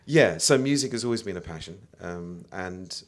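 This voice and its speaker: An older English man on a podcast, telling stories in an animated way and now and then singing a line. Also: low-pitched, normal speed. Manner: animated storyteller, breaks into song. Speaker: guest, photographer and musician. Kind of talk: casual podcast chat.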